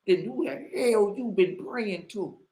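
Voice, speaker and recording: A man with a notably high voice holds forth in slang, hammering home points with rhetorical questions. His casual commentary slides into a preacher's delivery. The sound is roomy and echoing. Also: expressive, unhurried, warm tone. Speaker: online commentator and religious teacher.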